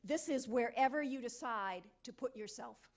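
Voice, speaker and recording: A middle-aged woman giving an energetic, interactive motivational talk at a conference, coaxing volunteers from the audience. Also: fairly high pitch, moderate pace. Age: middle-aged or older. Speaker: conference keynote speaker. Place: conference hall.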